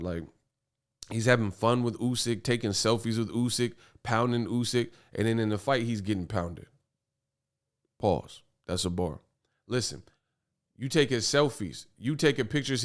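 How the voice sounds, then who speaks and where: A man's voice: medium pitch, clear, resonant tone. A man hosting a boxing commentary vlog, talking in an emphatic, rambling way and repeating his punchlines. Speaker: boxing commentary channel host.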